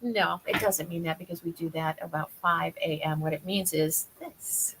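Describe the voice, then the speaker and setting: A woman hosting a morning radio show, brisk and cheerful as she takes calls. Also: on the low side, fairly even intonation, a bit bright, slight background noise. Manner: brisk and cheerful, quick call answering. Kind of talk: upbeat radio banter. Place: radio studio.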